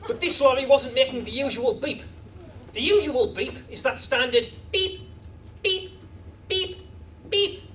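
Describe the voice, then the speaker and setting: A man doing a stand-up comedy set in a club, with a deadpan, awkward delivery full of hesitant restarts. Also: very high-pitched, normal speed, far from the mic, a little hiss or hum. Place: comedy club stage with live audience. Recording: live club recording, loud crowd laughter.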